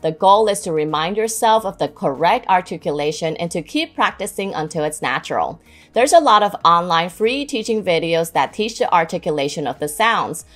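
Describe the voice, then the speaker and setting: A woman giving scripted instruction on English pronunciation, saying example words slowly and clearly to model them. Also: lowish voice, lively intonation, faint music behind.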